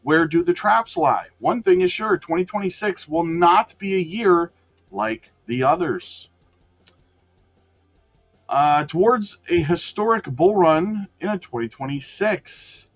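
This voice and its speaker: A man's voice: a little high, muffled recording. A man hosting a crypto news show, reading the news aloud and breaking off into casual asides to viewers, often correcting himself. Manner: addresses viewers as guys, frequent self-corrections.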